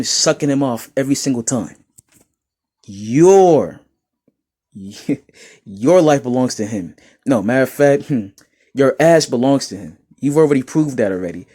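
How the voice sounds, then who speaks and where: In an unhurried, medium-pitched voice, a young man from New York works through comments, reading and mocking them. His casual commentary is laughing, with animated rants.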